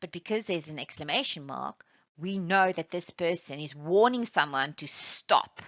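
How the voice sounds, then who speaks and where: Woman teacher from South Africa, lowish bright voice, patient step-by-step explainer; dry, lo-fi recording. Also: animated, dry recording. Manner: patient, explains step by step, reads examples aloud slowly. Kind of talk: classroom lesson. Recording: dull, lo-fi sound.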